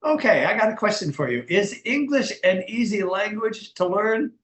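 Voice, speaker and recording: A man's voice: high voice, animated, moderate pace, a bit bright, roomy sound. A man teaching an English class, playful and teasing with his students.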